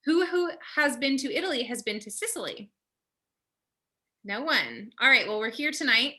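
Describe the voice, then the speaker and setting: A woman's voice: sits high, very animated, normal speed, sharp tone. A young woman casually hosting an online wine tasting over a video call, chatty and upbeat with lots of fillers.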